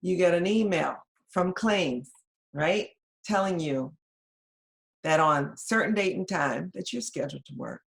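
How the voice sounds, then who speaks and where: Lower-voiced woman giving a webinar. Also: vocal fry. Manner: conversational, addresses listeners directly with frequent "right?". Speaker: webinar presenter. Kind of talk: webinar lecture.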